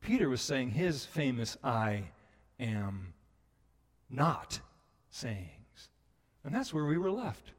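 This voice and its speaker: A man preaching a sermon as a pastor, telling the story with animated delivery and acting out the voices of people he quotes. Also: a little high, a little slow, big-room sound.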